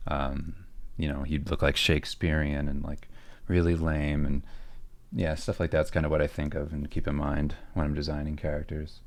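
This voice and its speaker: Answering viewers' questions about his artwork on a livestream, this comic artist and podcast co-host speaks in a very low, gravelly, nearly monotone voice at a moderate pace. His talk is casual and meandering, with plenty of fillers and restarts, and it sounds close and dry with no room sound.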